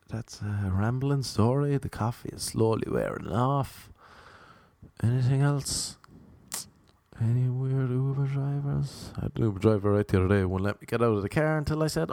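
A man's voice: medium pitch, gravelly, dark tone, dry recording. A young Irish man telling a rambling, self-mocking anecdote in casual chat, slipping into voices for the people he quotes. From Ireland. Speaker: storyteller.

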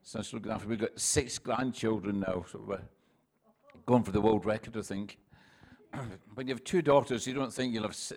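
A Scottish man in his sixties preaching to his congregation in a chatty, self-deprecating way, with plenty of laughs and restarts. His pitch sits right in the middle for a man. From Scotland. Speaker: pastor. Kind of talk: sermon with humorous anecdotes.

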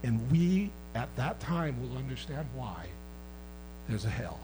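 A man preaching a sermon as pastor, swinging from loud impassioned outbursts to quiet conversational asides and teasing his congregation. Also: mid-range voice, sing-song, measured pace, over loud music, poor audio.

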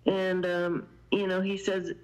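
A woman's voice: fairly low pitch, monotone, slow pace, clean tone, low-quality recording. A woman guest telling a long story in casual conversation, meandering and sprinkling in fillers. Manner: meandering, many "you know" fillers.

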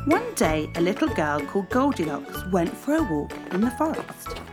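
A woman reading a children's story aloud as storyteller, with an expressive, sing-song delivery. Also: mid-range voice, moderate pace, loud music behind the voice.

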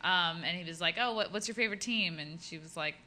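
A woman's voice: lowish voice, fast talker, bright, forceful tone. A woman comedian in casual chat, bluntly telling stories and acting out what people said. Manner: chatty, blunt, acts out quotes.

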